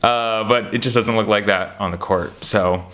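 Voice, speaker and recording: A young American man chatting casually about basketball players, rambling and animated, laughing at his own stories. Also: on the low side, moderate pace. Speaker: basketball commentator. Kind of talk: casual chat.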